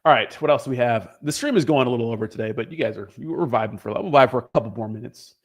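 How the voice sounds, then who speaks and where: A man's voice: mid-range voice, racing. A young man hosting a crypto livestream, chatting casually with viewers in a rambling, profane, joking way.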